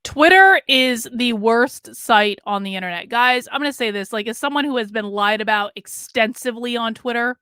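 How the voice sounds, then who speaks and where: A woman gives casual reaction commentary to her viewers, blunt and exasperated. Her voice is bright and crisp, with a clean, polished tone. The sound is close and dry, with no room around it. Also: fairly high pitch, normal speed, few pauses, dry recording, soft background music. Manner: blunt, exasperated, lectures the audience directly.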